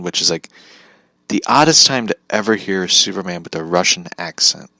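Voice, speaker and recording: Young guy with a deep voice rambling to the camera, laughs a lot, cusses, dry sound. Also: pushed and bright, no room sound. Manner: laughs often, swears, rambling restarts. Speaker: vlogger. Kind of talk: casual rambling monologue.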